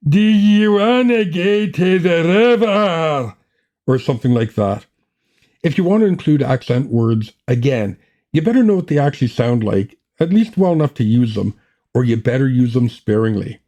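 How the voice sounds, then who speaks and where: A man gives a scripted writing lesson in a mellow, even voice of middle pitch. His delivery is measured and plain, and he moves steadily from point to point. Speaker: writing podcast host. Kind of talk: scripted teaching talk.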